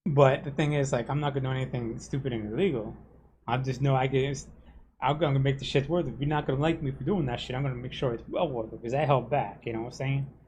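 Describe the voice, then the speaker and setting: A man on a game stream, venting in a heated, profane rant. His voice sits at an ordinary middle pitch, and he keeps asking whether you know what he's saying. A faint hum of noise sits behind him. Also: steady tone, fast talker, darkish tone. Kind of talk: casual rant while streaming gameplay.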